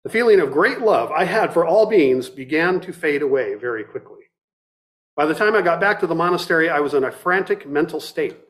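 Reading in part from a book, a middle-aged meditation teacher offers a dharma talk, reflective and measured yet frequently starting over. His voice is a little high, animated and slightly bright.

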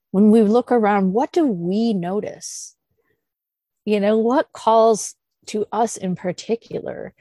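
A woman leading a meditation group discussion, thinking aloud with soft sighs and laughs. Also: mid-range voice, dry recording. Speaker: Zen teacher leading a discussion. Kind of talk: unscripted dharma talk and Q&A.

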